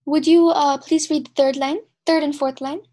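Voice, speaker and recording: A woman teaching an online language class, slowly drilling syllables and calling on students over a video call. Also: high voice, fairly even intonation, warm tone. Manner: patient, slow, drills sounds syllable by syllable.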